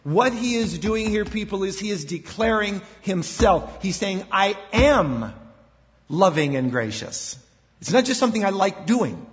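A man's voice: high voice, moderate pace, few pauses. Older male pastor preaching in a reverberant hall. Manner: animated, acts out quoted voices, repeats words. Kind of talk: sermon. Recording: dull sound with long hall reverb.

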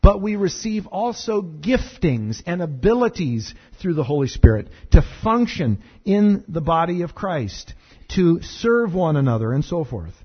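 A man preaching a conversational sermon as pastor, chatty and animated, with many fillers and repeated words. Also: a little high, measured pace, slightly rough, dull audio.

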